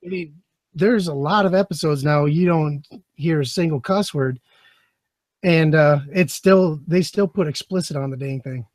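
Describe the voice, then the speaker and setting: Man, high pitched, dry recording; profane, laughing storyteller on a talk show. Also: moderate pace, darkish tone, dry recording. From United States. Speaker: podcast guest and former soldier. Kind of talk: casual chat.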